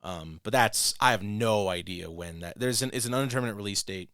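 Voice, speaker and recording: A man's voice: fairly low pitch, fairly bright tone, clean tone, dry recording, clean studio sound. A man hosting a podcast in casual chat, joking and swearing freely. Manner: crude, joking, fast-spoken plugs. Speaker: podcast host.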